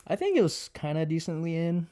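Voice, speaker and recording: A man's voice: on the high side, a little fast. A laid-back young man, a college student, chatting casually as a podcast guest. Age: young adult. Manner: laid-back, relaxed storytelling. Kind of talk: casual chat.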